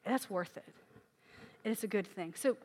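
A woman's voice: mid-range voice, normal speed, darkish tone, husky. A woman preaching a sermon in a candid, emotional way, acting out her own prayers aloud and sounding tired from crying.

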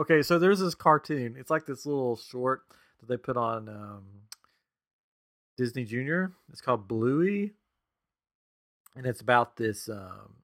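Guy in his 30s on a podcast, mid-pitch voice, laughs a lot while he tells a story and does little voices for the quotes. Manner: animated storyteller, chuckles often, acts out quotes. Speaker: podcast co-host. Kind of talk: casual chat.

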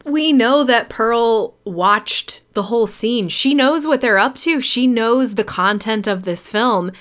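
A woman's voice: a little high, takes it slowly, a bit bright. Giggly, profane woman recapping a film. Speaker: podcast host. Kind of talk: casual film recap chat.

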